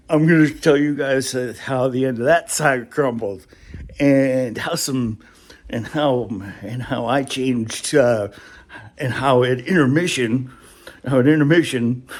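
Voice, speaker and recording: A man telling a rambling workplace story in a casual vlog, laughing now and then. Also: medium pitch. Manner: chatty, rambling, laughs often. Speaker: vlogger.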